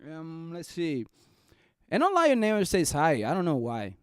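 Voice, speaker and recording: A young man hosting a casual stock market live stream, excitable and jokey, chatting straight to his viewers. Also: a little high, measured pace, smooth, no room sound, clean studio sound.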